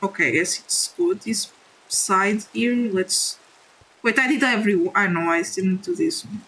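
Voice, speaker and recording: Soft-spoken woman streamer, non-native English. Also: medium pitch, animated, a little hiss or hum, poor audio. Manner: candid, halting, apologetic, with frequent restarts. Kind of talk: casual live-stream chat while gaming.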